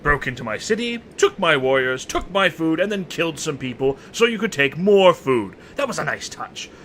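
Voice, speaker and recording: A man's voice: fairly high pitch, sing-song, moderate pace, pushed and bright, a little hiss or hum. A man voicing a sly, reckless male warlord with a sneering, sarcastic manner, reading him from a game's dialogue. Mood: mocking.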